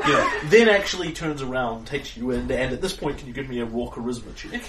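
A man narrating a tabletop game as game master, relaxed with frequent fillers. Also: medium pitch, heavy background noise. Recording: echoey room, far from mic.

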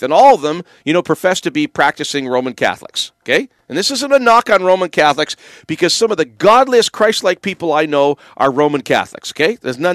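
A man's voice: a little high, no room sound, studio quality. A man hosting a call-in talk radio show, emphatic and opinionated with sardonic asides.

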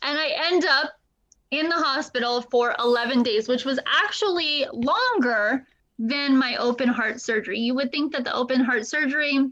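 A woman's voice: high voice, normal speed, sharp tone, lo-fi sound. A woman guest telling her own story candidly, with fillers and laughs. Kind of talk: casual interview talk.

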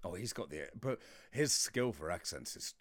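A man from England in casual podcast chat, wry and chatty, with theatrical swoops of pitch. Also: sing-song, moderate pace, a bit bright. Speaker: podcast co-host.

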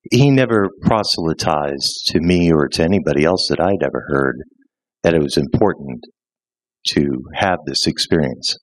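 A man on a panel speaking thoughtfully to an audience in a measured way. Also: extremely low pitch, animated, no room sound, low-quality recording. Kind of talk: reflective talk to an audience.

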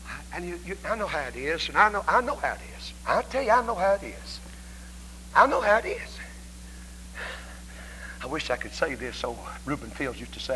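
A man preaching a revival sermon in a Southern American accent, telling folksy stories and swinging from shouts down to hushed whispers in a church. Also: medium pitch, lively intonation, normal speed, low-quality recording. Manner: folksy storytelling. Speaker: evangelist preacher. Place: church sanctuary. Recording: faint hum on a 1990s church tape.

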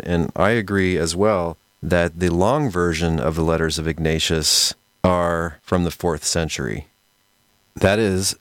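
A man hosting a podcast, explaining history in a measured, scholarly, conversational way. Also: low-pitched, no room sound, studio quality. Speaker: podcast host. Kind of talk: explanatory lecture-style podcast talk.

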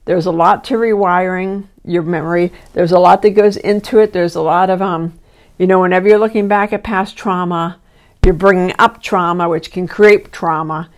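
A woman's voice: lowish voice, steady tone, normal speed. Earnest woman in her sixties coaching listeners. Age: 60s. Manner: earnest, instructive, addresses listener directly. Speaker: podcast host and life coach. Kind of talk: self-help podcast talk.

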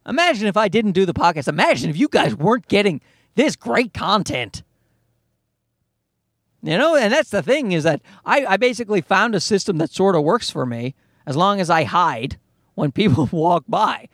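A man's voice: high-pitched, normal speed, no room sound, clean studio sound. A man in his thirties, a comedian and podcast host, rambling and swearing through a casual comic monologue. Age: 30s. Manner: rambling, profane, animated. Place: parking garage.

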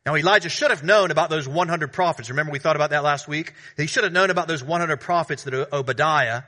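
A pastor reads scripture and then expounds on it earnestly in his sermon, growing louder through repeated phrases and dropping soft for asides. His voice is a little high, and he talks fast.

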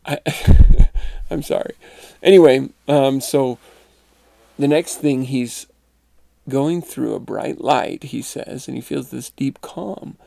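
Male host and reader, calm and measured, with a gravelly, dark tone and a dry close-mic sound. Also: medium pitch, no room sound. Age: adult parent. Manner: calm, measured reading; chuckling, conversational commentary. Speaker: narrator and podcast host. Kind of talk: reading a first-person account aloud, then commenting.

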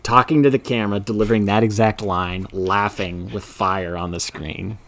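Chatty man, low voice, casual film talk. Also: steady tone, normal speed, fairly bright tone, a little hiss or hum. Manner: chatty, laughs often, acts out quotes. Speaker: podcast co-host.

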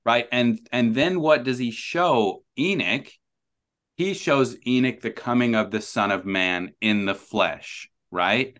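A man as a podcast guest, explaining his ideas thoughtfully with many pauses, ums and restarts. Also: medium pitch, a bit bright. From New Zealand. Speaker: author and guest. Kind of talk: conversational podcast interview.

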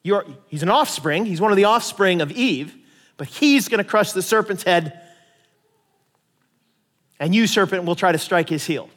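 A male pastor preaching a lively, conversational sermon with casual asides. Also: high voice, moderate pace, pauses often, in a large hall. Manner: animated, conversational preaching with asides and paraphrased voices.

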